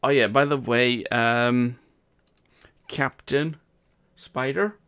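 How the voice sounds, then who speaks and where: A man's voice: medium pitch, fairly even intonation, slow, fairly bright tone, clear, resonant tone. Chatty Welsh man streaming a game. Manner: chatty, upbeat, laughs often. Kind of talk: casual live-stream chat.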